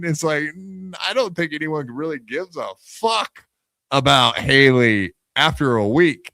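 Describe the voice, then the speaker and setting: A man's voice: fairly high pitch, unhurried, bright, forceful tone, no room sound. A man co-hosting a podcast, incredulous and mocking, swearing freely in casual commentary. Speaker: podcast co-host.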